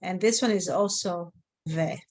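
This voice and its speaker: A woman's voice: lowish voice, measured pace, a little hiss or hum. Patient woman teaching a class online, checking on her students. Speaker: Hebrew teacher.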